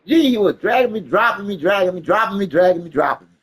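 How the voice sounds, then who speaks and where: A man telling a story casually, animated and profane, laughing along the way. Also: high-pitched, fast talker, husky, poor audio.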